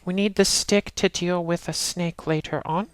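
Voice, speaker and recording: A woman narrating a game walkthrough in a steady, instructional way, talking the player through each step. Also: on the low side, normal speed, clean tone, no echo. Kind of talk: casual let's-play walkthrough narration.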